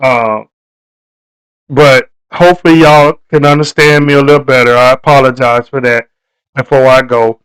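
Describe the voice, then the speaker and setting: A man's voice: medium pitch, fairly even intonation, normal speed, fairly bright tone, clear, resonant tone, rough recording. A man hosting a casual live stream, talking to his viewers in a loose, repetitive, preachy way.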